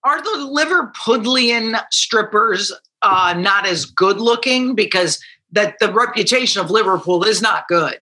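An American woman talks in brash, teasing banter with a bright, sharp edge to her voice. Her jabs are foul-mouthed and playful in a casual comedic chat. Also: medium pitch, animated, unhurried. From United States.

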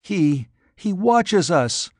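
A man's voice: on the high side, a little slow, dry recording, clean studio sound, close to an everyday voice. A man reading aloud, voicing a fearful young woman who pleads and trembles. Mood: frightened. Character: young frightened woman companion.

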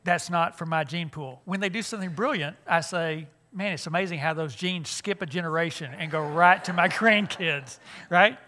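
An older man with a somewhat high, sharp-toned voice speaks at a moderate pace. He gives a folksy, joking seminar talk at a church conference, frequently restarting his sentences.

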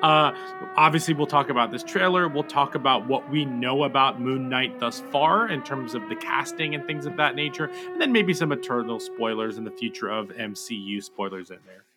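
A man's voice: mid-range voice, brisk, few pauses, music in the background. A man co-hosting a podcast in casual chat, jokey and mock-formal, with frequent "uh" fillers. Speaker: podcast co-host.

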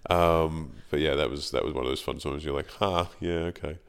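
An Australian actor chats casually as a podcast guest in an extremely low, steady voice with vocal fry and a clean tone, speaking fairly quickly. He rambles and pokes fun at himself, often performing the voices of people in his stories.

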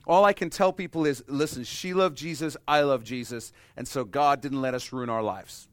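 A man in his thirties delivers a sermon as a pastor, at a middle pitch with a dry, close sound. He swings from loud, emphatic bursts down to soft, intimate stretches. He sounds like a regular preacher speaking to his congregation. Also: normal speed, dry recording.

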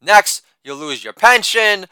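Middle-aged man, satirical ranter, profane, high and very animated delivery. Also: takes it slowly, clear, resonant tone, no echo. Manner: profane and sardonic, with a shouted catchphrase. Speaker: writer reading his own piece. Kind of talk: satirical rant reading.

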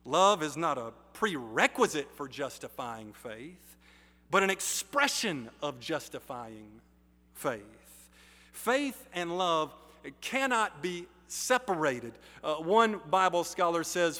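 A male pastor preaching a sermon in slow, deliberate phrases with emphatic pauses, in a church sanctuary. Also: fairly high pitch, sing-song, pushed and bright. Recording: reverberant sanctuary hall.

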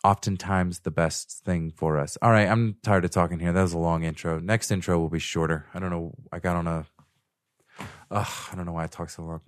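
Rambling, jokey low-voiced man. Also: a little fast, no room sound, studio quality. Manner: rambling, joking, laughs often. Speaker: podcast host. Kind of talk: casual podcast chat. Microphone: studio microphone.

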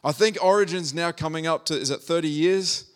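A man's voice: a little high, fairly quick, clean tone. A man preaching a conversational sermon, reading scripture and retelling the story with humor.

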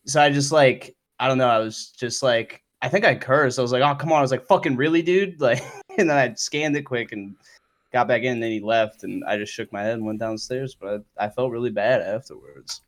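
A man's voice: medium pitch, fairly quick. A young man co-hosting a casual chat, rambling through stories with plenty of fillers. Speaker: podcast co-host.

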